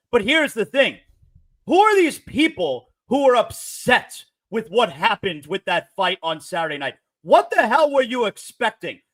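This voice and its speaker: A man's voice: sits high, a bit bright, low-quality recording. A man in his forties ranting on a sports talk show, emphatic and full of rhetorical questions. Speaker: show panelist.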